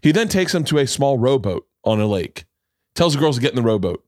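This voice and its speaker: A middle-aged man hosting a podcast, telling a story in a loud, profane, animated way and acting out the voices in it. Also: mid-range voice, a little fast, no room sound, studio quality. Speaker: podcast host. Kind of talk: casual storytelling chat.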